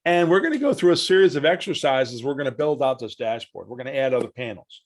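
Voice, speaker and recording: A man leading a live online software training, walking through each step aloud and quizzing the class with true-or-false questions. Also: medium pitch, lively intonation, quick pace. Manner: chatty, asks the class questions, walks through steps aloud.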